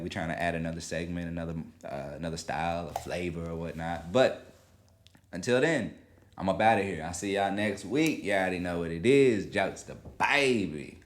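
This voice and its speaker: Low-voiced casual male podcast host. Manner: animated, swears freely, slips into quoted voices. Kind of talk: casual solo commentary.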